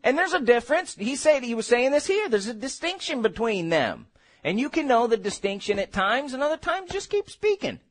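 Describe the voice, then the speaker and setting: A man preaching a sermon in a lively, conversational way, asking the congregation questions and laughing between points. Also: very high voice, fairly quick.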